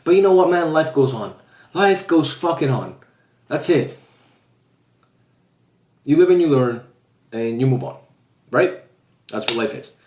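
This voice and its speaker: A man's voice: mid-range voice, animated, measured pace, long pauses, a little mellow. Man, dejected, casual vlog, swears a lot, echoey room. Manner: dejected, swears often, talks to viewers directly. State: heartbroken after a loss. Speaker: football fan vlogger.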